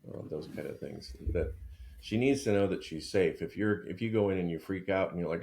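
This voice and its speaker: Man, podcast co-host, very deep voice, reflective, casual conversation. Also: brisk, creaky, darkish tone, a little hiss or hum.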